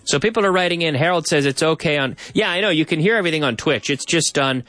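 A radio host with a fairly high, slightly bright voice talks fast in a studio, chatting and explaining clips while slipping in Spanish translations for his bilingual show. The recording is dry, with soft music playing underneath.

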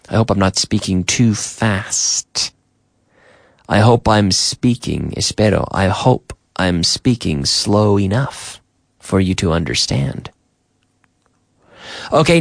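Slow, gravelly man teaching English. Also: fairly low pitch, dry recording, studio quality. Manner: slow, repetitive drilling with Spanish glosses. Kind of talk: radio English lesson. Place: radio studio.

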